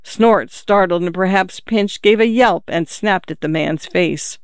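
An audiobook narrator reading a literary novel in a measured, even storytelling manner. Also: mid-range voice, clean tone, no room sound, clean studio sound.

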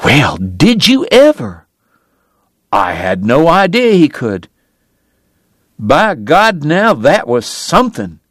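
A man's voice: on the high side, wildly swooping pitch, slow pace, long pauses, fairly bright tone, no room sound, studio quality, heavily acted. A man doing an astonished, folksy onlooker. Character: amazed onlooker at a concert.

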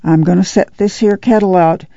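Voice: medium pitch, fairly even intonation, normal speed, gravelly, dark tone, no echo, highs cut off, natural voice. A reader voicing Ma, a careworn folksy mother. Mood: distressed. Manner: folksy rural dialect, pleading. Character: weary careworn mother of a poor migrant family.

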